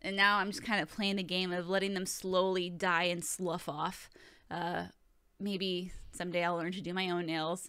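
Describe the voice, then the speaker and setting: A woman's voice: on the low side, flat delivery, moderate pace, fairly bright tone, clean tone, no room sound. A woman in her thirties hosting a casual question-and-answer vlog, talking in a profane, joking, chatty way. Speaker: video host answering viewer questions.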